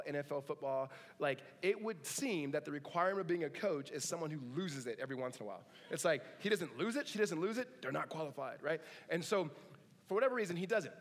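A man's voice: on the high side, big-room sound. A man preaching a sermon as a pastor, conversational, with humorous asides.

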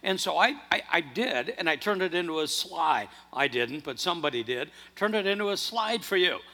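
Male pastor, sermon, high bright voice, animated delivery, reverberant church hall. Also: moderate pace. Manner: animated, earnest preaching with restarts.

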